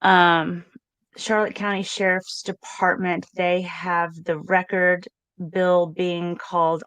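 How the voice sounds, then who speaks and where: A woman's voice: fairly low pitch, a bit bright, clean tone, no echo. A woman hosting a livestream, reading messages aloud and commenting with sarcasm and frequent laughs. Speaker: livestream host. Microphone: streaming setup.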